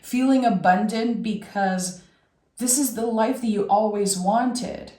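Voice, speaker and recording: A woman doing a tarot reading, speaking softly and with feeling. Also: fairly high pitch, echoey room. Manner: slow, soft-spoken and emotional. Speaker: tarot reader.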